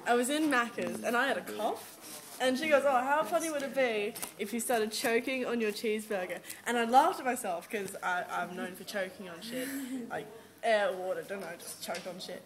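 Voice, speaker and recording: A woman's voice: fairly high pitch, moderate pace. A young Australian woman telling a giggly, self-mocking story in a casual chat among friends.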